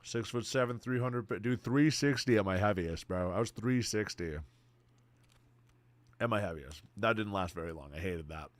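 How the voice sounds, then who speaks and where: Low-voiced excitable young man streaming. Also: moderate pace, no echo. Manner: excitable, swears freely, says "bro" constantly. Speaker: streamer answering chat. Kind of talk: casual livestream chat.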